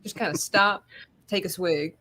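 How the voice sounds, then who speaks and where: A woman's voice: lowish voice, no room sound. A woman co-hosting a casual movie-review podcast, teasing her partner and musing aloud with a laugh. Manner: teasing, animated, quick to laugh. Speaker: podcast co-host. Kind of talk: casual chat. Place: studio booth.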